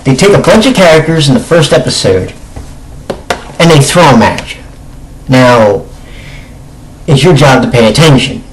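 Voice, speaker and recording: A slightly hoarse man talks through a casual video review in a middle-pitched voice. He is chatty and emphatic and often stops to correct himself mid-phrase. He clears his throat now and then. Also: lively intonation, normal speed, pauses often, rough recording. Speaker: anime reviewer.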